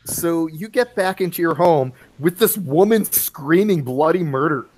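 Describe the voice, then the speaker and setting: A man narrating a tabletop game as game master, halting with many fillers. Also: a little high, animated, a little mellow.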